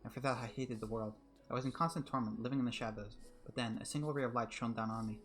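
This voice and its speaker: A man's voice: medium pitch, fairly even intonation, a bit bright, faint music behind. A young man reading a visual novel aloud as a streamer, earnestly voicing the narrator and adding his own commentary. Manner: earnest, reads fast, slips and restarts. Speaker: let's play streamer.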